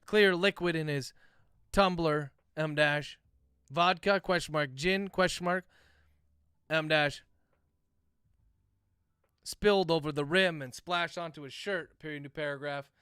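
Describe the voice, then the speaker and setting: A man dictating his own novel aloud on a livestream, calling out each comma and period as he goes. His voice sits somewhat high and sounds crisp and smooth. The room is dry and close. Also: measured pace, pauses often, dry recording. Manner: dictates prose aloud, speaking punctuation marks; relaxed, chatty asides to viewers. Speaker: author.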